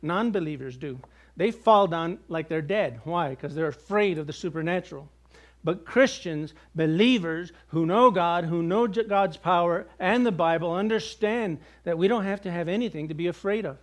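A man's voice: sits high, moderate pace. A man preaching a sermon in a conversational way, with jokes and acted-out quotes. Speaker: pastor.

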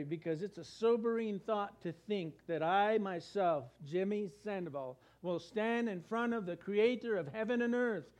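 High-voiced man preaching a conversational sermon. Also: highs cut off. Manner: conversational preaching, asks rhetorical questions and acts out quotes. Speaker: pastor.

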